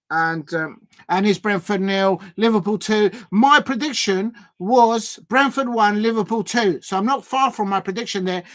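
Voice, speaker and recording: A man doing a live football watch-along stream, chatty and prone to loud shouts. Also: sits high, dry recording, studio quality. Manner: excitable, bursts into loud shouts at goals; chatty, gives shout-outs to chat.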